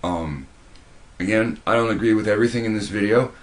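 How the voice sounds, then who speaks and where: A man with a very low, deep voice delivers a preachy monologue. He hammers his points home with emphatic repetition and keeps restarting sentences as he pushes on. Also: a little fast. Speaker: video commentator.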